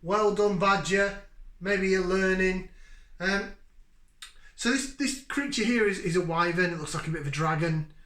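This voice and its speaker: A man hosting a beer review channel, talking casually and jokingly with lively bursts of enthusiasm. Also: high voice, moderate pace, reverberant. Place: home room, indoors.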